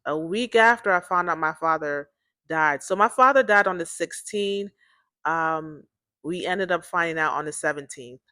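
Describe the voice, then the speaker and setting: A woman's voice: on the low side, normal speed, pushed and bright, no room sound, clean studio sound. A woman hosting her own series, telling a personal story in a casual, rambling way, repeating herself and talking to listeners as "y'all.".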